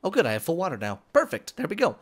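A man giving excitable let's play commentary, swearing casually and talking to the animals in the game, his voice cracking. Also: on the high side, very fast. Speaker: gaming YouTuber.

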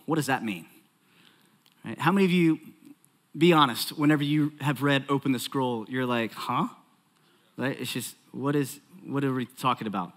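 A male pastor delivering a sermon in a church. His voice sits somewhat high for a man, and he talks in an animated, conversational way, joking with the congregation and acting out quick asides.

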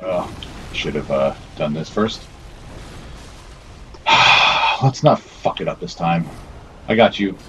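Low-voiced male let's player, profane and self-critical, chatting to in-game characters. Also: expressive, slow, pauses often, sharp tone, slight background noise. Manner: swearing, self-scolding and talking to the game's characters. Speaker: gameplay commentator. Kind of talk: let's play commentary.

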